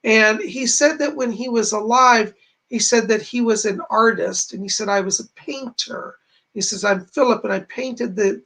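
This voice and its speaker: A man's voice: high voice, vocal fry, pushed and bright, rough recording. A man working as a psychic medium and giving readings on a livestream. He talks in a chatty, earnest, reassuring way and keeps passing on messages with "she said". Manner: retells messages with repeated "she said". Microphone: streaming from home to camera.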